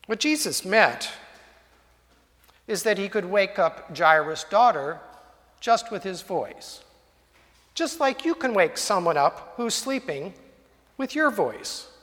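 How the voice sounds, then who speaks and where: Slow, bright-voiced male preacher. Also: high-pitched, sing-song. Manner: storytelling, vivid and dramatic. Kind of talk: sermon. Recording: long hall reverb.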